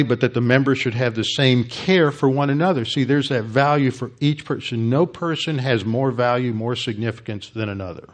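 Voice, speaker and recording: Emphatic pastor teaching scripture. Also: male voice, medium pitch. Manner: emphatic lecturing with frequent restarts. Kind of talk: expository Bible teaching sermon.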